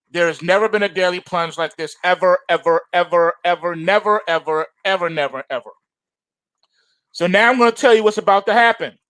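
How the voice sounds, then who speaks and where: Calling his audience "folks," this male host delivers market commentary in a slangy, insistent way, hammering points by saying them again and again. His voice sits high and he sounds animated. There's no room sound.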